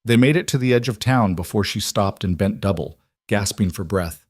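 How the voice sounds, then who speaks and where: A man reading a story as scripted narration, calm and even. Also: on the low side, moderate pace, few pauses, no echo, studio quality.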